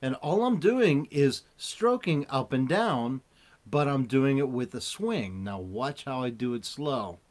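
A man teaching a relaxed guitar lesson, explaining in an easygoing way while he plays. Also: mid-range voice. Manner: slow, easygoing, demonstrates while talking. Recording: loud guitar under the voice. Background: loud cigar box guitar playing.

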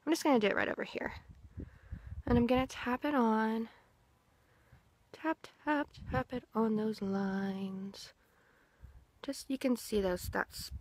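A middle-aged woman records a casual skincare demo on her phone outdoors. Her voice sits a bit high and sounds bright and forceful, with frequent throat-clearing. She chats her way through each step for viewers. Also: a little hiss or hum. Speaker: skincare product seller. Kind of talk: casual product demonstration vlog. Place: outdoors in the wind.

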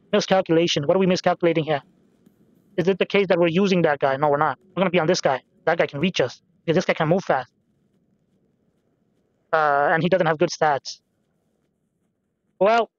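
A man's voice: high voice, dry recording, dull audio. A young man giving rambling, self-deprecating commentary over a game, swearing casually and musing aloud. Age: young adult. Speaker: gameplay commentator. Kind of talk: rambling let's-play commentary.

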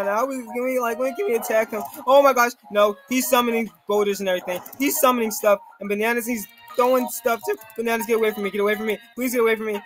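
A high-pitched man commentating his gameplay as it happens, jumpy and easily startled. He talks to himself and to his viewers in a stream of nervous exclamations. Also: fast, hardly any pauses, soft background music. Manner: jittery and excitable, constant nervous exclamations. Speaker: gaming video creator.

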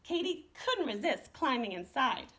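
A woman art teacher reading a children's picture book aloud with an expressive, animated delivery. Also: sits high, a little slow. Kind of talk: storybook read-aloud.

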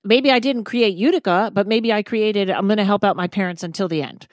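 A woman's voice: mid-range voice, brisk, no echo, clean studio sound. A woman hosting a podcast, chatting in a reflective, casual way with many fillers. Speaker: podcast host. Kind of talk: casual interview chat.

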